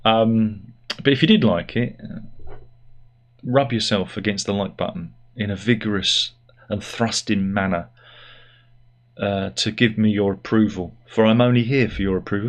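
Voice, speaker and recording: Middle-aged bloke ranting on his channel, lowish voice, sarcastic and self-mocking. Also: fairly even intonation, normal speed, pauses often. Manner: rambling, sardonic and self-deprecating. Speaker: YouTube host. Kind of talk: casual opinion monologue.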